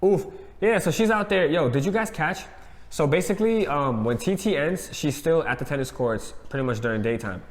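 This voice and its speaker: Man in a roomy echo, animated slang. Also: a little high, fairly quick. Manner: animated, acts out quotes with slang. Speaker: co-host. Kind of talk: casual reality TV review chat.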